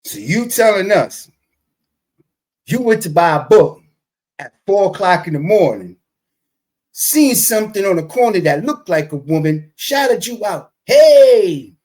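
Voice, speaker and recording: A male host giving sarcastic, skeptical commentary in a teasing, drawn-out way. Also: sits high, animated, a little mellow.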